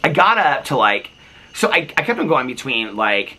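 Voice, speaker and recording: A man's voice: medium pitch, normal speed. A man telling a long casual story on his vlog, chatty and full of asides, on a front porch. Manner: animated, chatty, lots of fillers and asides. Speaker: vlogger.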